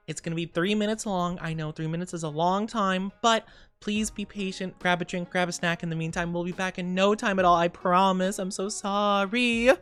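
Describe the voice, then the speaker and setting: A young woman VTuber greets viewers during a casual livestream, bubbly and giggly and full of cutesy slang. Her voice is fairly low, clean and a little bright.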